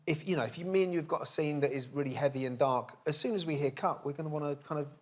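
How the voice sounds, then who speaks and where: A man's voice: fairly high pitch, racing. A man, an actor guest, talking thoughtfully on a chat show.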